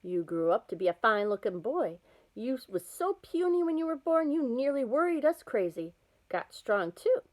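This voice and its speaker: Woman putting on an old Southern grandma, Southern accent, high brassy shouting, bossy and scolding. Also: big pitch swings, normal speed, rough recording. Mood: fond. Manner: scolding, sharp-tongued.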